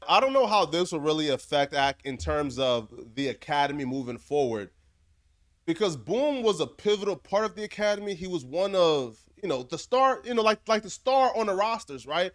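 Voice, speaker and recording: A man with a somewhat high voice narrating commentary. He sounds earnest and apologetic, and he talks plainly and directly. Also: big pitch swings, moderate pace, a bit bright.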